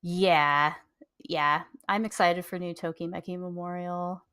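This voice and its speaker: Chatty woman with a smooth lowish voice. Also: fairly even intonation, unhurried, a bit bright, no echo, studio quality. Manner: chatty, laughing, many ums and likes. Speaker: podcast co-host. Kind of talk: casual chat.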